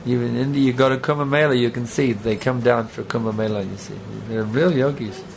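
Male speaker, gravelly, mid pitch, casual joking sermon style, faint hiss behind. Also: fairly even intonation, fairly quick. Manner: conversational, rambling, joking asides. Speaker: spiritual teacher. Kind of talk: sermon with audience banter.

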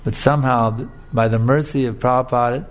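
A man giving a sermon, telling a fable in a relaxed, conversational way with frequent filler tags. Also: mid-range voice, a little fast. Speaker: preacher. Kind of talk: sermon with storytelling.

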